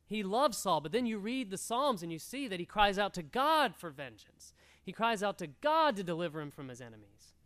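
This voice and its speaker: A man's voice: high voice, very animated, fairly quick, a bit bright. A male pastor preaching an earnest sermon to a room, exhorting and repeating his key points. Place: church room.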